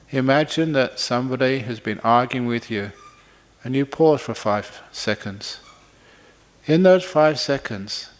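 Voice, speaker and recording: A man, a monk, giving a playful public talk to an audience, deliberately shifting his pitch and speed as he goes. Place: large conference hall. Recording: long hall reverb.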